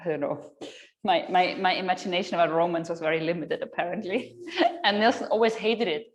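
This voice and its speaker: A woman's voice: lowish voice, fairly quick. A woman in her thirties, a yoga teacher chatting with her online class, rambling and laughing often at herself.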